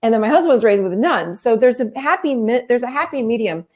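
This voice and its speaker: Animated woman therapist, higher voice. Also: quick pace. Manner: animated storytelling, acting out quoted voices. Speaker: therapist and life coach. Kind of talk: conversational explaining.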